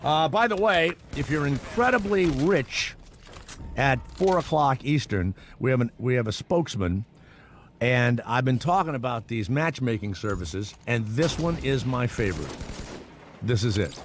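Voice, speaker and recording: A middle-aged man runs a comedic talk radio monologue, rambling and sarcastic. His pitch jumps around in a lively way. A faint noise floor sits under his voice. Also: a little slow. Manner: rambling, sarcastic, animated asides with mock voices. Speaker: radio show host.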